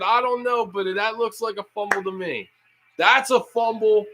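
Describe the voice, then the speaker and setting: A young man hosting a livestream, casually reacting to a live football game, reading chat aloud and yelling at big plays. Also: sits high, moderate pace, rough recording. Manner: casual, slangy. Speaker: livestream host.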